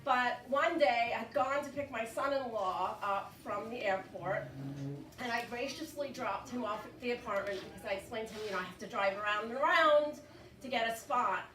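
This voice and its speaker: High, bright-voiced older woman telling a story. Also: moderate pace, reverberant, distant mic, a little hiss or hum. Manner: animated, frantic when quoting herself. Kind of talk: comic storytelling.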